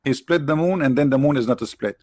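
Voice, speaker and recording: A man with non-native English phrasing hosting a livestream, mocking his subject with rhetorical questions, his voice tired and his throat often cleared. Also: medium pitch, a little fast, darkish tone, no room sound. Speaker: livestream host. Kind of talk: mocking debate commentary.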